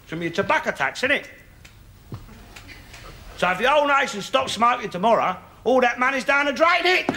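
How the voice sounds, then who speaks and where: A ranting old grump. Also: male voice, very high voice, full character voice. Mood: blustering. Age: older. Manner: blustering, shouting, swearing. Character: ranting cantankerous old working-class London man. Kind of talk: studio sitcom acting. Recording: studio audience laughter and noise. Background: audience laughter.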